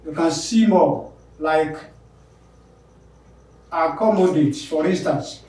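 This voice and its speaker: A man teaching an English pronunciation lesson, repeating example words slowly and with emphasis. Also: sits high, expressive, darkish tone. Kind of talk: classroom lesson on word stress. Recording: very echoey room, voice from a distance.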